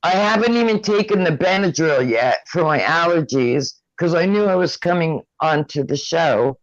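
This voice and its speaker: An older man on a livestream talking in casual chat with a slow drawl that can sound slurred. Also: on the high side, lively intonation. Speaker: livestream guest. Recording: dull lo-fi stream audio.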